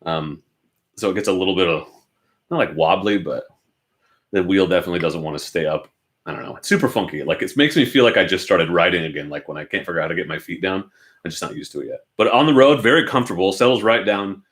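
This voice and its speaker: A man's voice: deep voice, expressive, fast, fairly bright tone. A young adult man from Oregon, chatting casually and self-deprecatingly as a motorcycle channel host, answering viewers from his home garage. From Oregon, United States.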